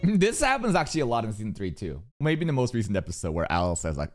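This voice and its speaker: Man, low voice, casual reaction commentary, swears a lot, rambling. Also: fast, faint music behind. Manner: animated, swearing, rambling with many fillers. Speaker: reaction streamer.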